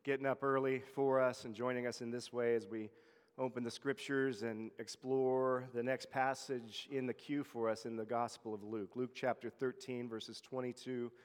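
A man's voice: medium pitch, clean tone, long reverb tail. A man serving as a church elder, preaching a conversational sermon and often repeating words as he goes. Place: church hall.

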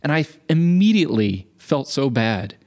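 His voice sits mid-range and moves at a moderate clip; he is a young adult in early middle age who co-hosts a podcast. Chatting casually, he spins stories at his own expense, acting out each character with lively impressions.

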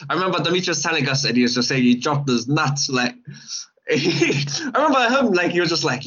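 A man's voice: on the high side, sing-song, fairly quick, fairly bright tone. A man in casual chat, laid-back and slangy. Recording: slightly muffled recording.

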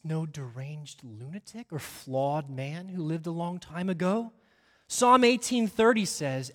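A pastor preaching a sermon, swinging from hushed near-whispers up to ringing, almost shouted climaxes. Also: male voice, on the high side, lively intonation, unhurried, long reverb tail.

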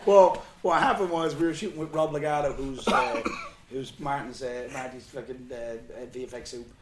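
A man's voice: medium pitch, fairly even intonation, normal speed, over a noisy crowd. A man speaking at a question-and-answer session, telling stories casually, swearing freely and laughing as he talks. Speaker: guest speaker on animation. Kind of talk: anecdotal Q&A talk. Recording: roomy hall with faint ambience.

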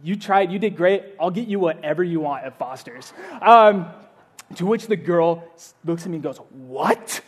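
Man, young adult, pastor, high voice, casual sermon, animated storytelling. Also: moderate pace.

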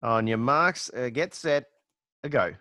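A man from Australia running a sports podcast debate like a referee, brisk and to the point. His voice is mid-pitched and recorded dry and close. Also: pushed and bright, dry recording. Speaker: quiz moderator host. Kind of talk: casual podcast moderating.

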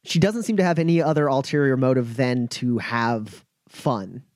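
A man's voice: medium pitch, moderate pace, darkish tone, no room sound, clean studio sound. A man narrating a tabletop game as game master, loosely, with many fillers.

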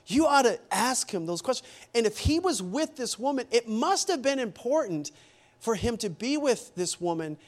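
A man preaching a sermon as a pastor, animated and acting out the people in the story. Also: sits high. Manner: animated, acts out quoted voices.

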